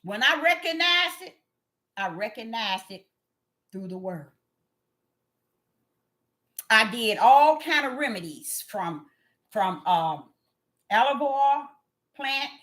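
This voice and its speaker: Fiery high-voiced woman preaching. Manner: impassioned, addresses listeners as y'all, swings from low murmurs to shouts. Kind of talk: fiery street sermon.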